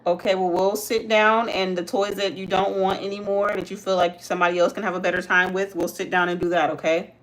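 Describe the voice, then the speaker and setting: A woman's voice: mid-range voice, flat delivery, a little fast. A young woman hosting a casual livestream, chatting with viewers as she works and talking with her child. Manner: chatty, talks to viewers while doing makeup. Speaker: livestream host, mother.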